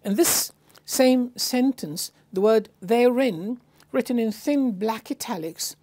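A woman giving a slow, explanatory lecture on translating scripture, halting often with fillers and restarts. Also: a little high, warm tone, a little hiss or hum. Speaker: Qur'an translation teacher.

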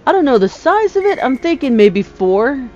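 A woman talking casually over her own gameplay, chatty and excitable, laughing often. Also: sits high, normal speed, faint music behind. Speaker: gamer. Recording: slightly dull lo-fi sound.

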